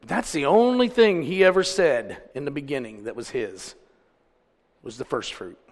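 A middle-aged pastor with a high, gravelly voice delivers an animated sermon. He climbs to loud, stretched-out peaks and then drops to quiet asides. His voice rings with the long reverb of a church hall. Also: normal speed.

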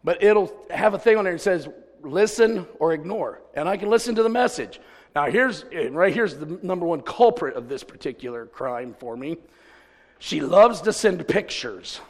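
A man's voice: animated, normal speed. Folksy preacher man in a reverberant hall. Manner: folksy storytelling, swings from loud exclamations to low asides. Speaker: pastor. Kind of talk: sermon. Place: church service. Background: congregation.

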